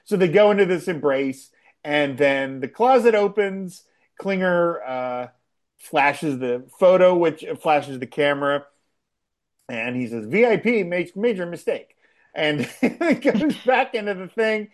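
A podcast co-host chatting casually about a TV episode, laughing often and acting out quoted lines. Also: male voice, on the high side, lively intonation, slow pace. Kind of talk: casual chat recapping a TV episode.

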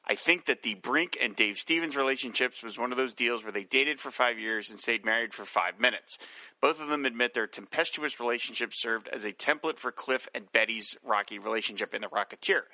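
An enthusiastic man co-hosting a podcast, reading listener emails and chuckling as he goes. His voice is very bright and sharp. He is recorded close to the mic, dry and without room sound. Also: mid-range voice, brisk, no echo, low-quality recording. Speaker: podcast co-host. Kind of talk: casual podcast chat reading listener mail.

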